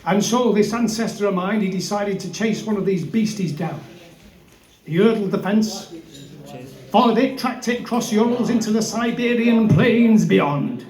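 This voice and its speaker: A man with a strikingly high voice spins rambling, absurd comic tales in an exuberant showman manner. The sound is echoey, as if captured in a roomy brewery space. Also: normal speed, a little mellow. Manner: exuberant, addresses "ladies and gents". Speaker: comedian performing live. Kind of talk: absurd rambling stand-up storytelling. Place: brewery venue, indoors.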